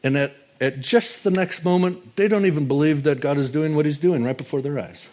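A man's voice: fairly high pitch, a little fast, a little mellow. Casual, humorous male preacher. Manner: conversational, humorous, storytelling. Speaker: pastor. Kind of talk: sermon.

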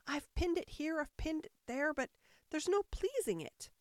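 A woman's voice: high voice, expressive, a little slow, no echo, clean studio sound, voice pushed up. A woman voicing the flustered White Queen. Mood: melancholy. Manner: helpless, melancholy, groaning.

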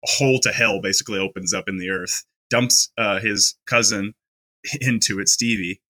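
A man's voice: lowish voice, steady tone, moderate pace, pushed and bright. A man co-hosting a podcast, talking casually about a horror film with lots of fillers and restarts. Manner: chatty, many fillers and restarts. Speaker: podcast co-host.

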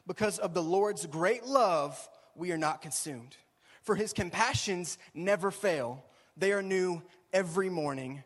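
A young man giving a casual, animated sermon as a youth pastor, chatty and often saying "y'all" and "right?". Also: sits high, a little slow. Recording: long hall reverb.

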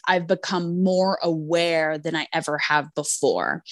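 A woman's voice: on the low side, dry recording, clean studio sound. A woman co-hosting a podcast, talking in a reflective, earnest and loosely phrased way in casual chat. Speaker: podcast co-host.

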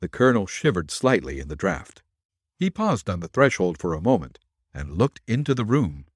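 A man's voice: low voice, sing-song, moderate pace, husky, dry recording, clean studio sound. A man narrating a detective ghost story as podcast host, reading expressively and dramatically.

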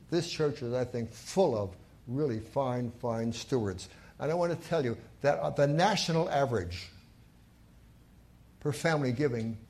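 A man's voice: medium pitch, a little mellow. A man preaching a sermon in a church, telling stories and stressing key points with rising emphasis. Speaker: pastor.

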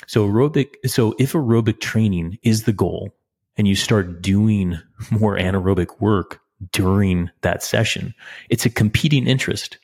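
Middle-aged male coach, very deep voice, relaxed explainer, podcast host. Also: normal speed, husky. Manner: relaxed, explanatory, frequent restarts and small laughs. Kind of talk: casual podcast talk answering a listener question.

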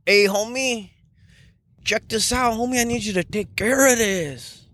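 A man's voice: high-pitched, measured pace, fairly bright tone, pitched above the performer's own voice. A man voicing a tough male gang homie with a Mexican accent, giving a streetwise order. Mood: commanding. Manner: streetwise, commanding, repeats "homie".

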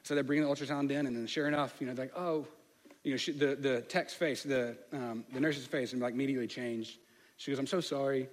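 A man's voice: medium pitch, fairly even intonation, fast talker. A man with a slight lisp, telling a personal story in a sermon in a candid way with many fillers. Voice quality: slight lisp on some words. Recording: long hall reverb.

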